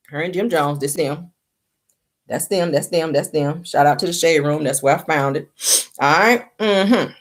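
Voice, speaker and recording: A woman hosting casual celebrity gossip commentary, sassy and opinionated, often calling viewers honey. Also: lowish voice.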